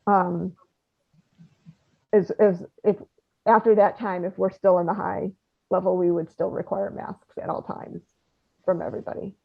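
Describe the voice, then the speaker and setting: A woman on staff presenting a plan at a board meeting, in a halting way with many pauses and fillers. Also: on the low side, little pitch movement, vocal fry. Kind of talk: meeting report. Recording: tinny phone-like audio.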